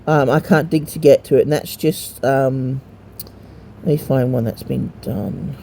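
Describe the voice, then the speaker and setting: Male gamer, deep-toned and gravelly, casual hesitant walkthrough with lots of filler and the odd swear. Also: fairly even intonation, a little slow, warm tone, slight background noise. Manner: rambling and hesitant, many ums and restarts. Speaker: mobile gamer showing a game to a friend.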